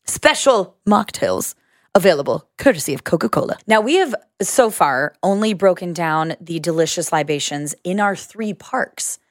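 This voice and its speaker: A woman's voice: fairly low pitch, lively intonation, normal speed, no echo, studio quality. A woman co-hosting a casual chat, upbeat and enthusiastic. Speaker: co-host.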